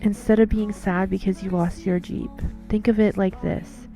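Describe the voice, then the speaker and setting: A woman's voice: medium pitch, little pitch movement, moderate pace, gravelly, dark tone, soft background music. A woman giving an earnest devotional talk in a casual monologue, telling stories and repeating words as she goes.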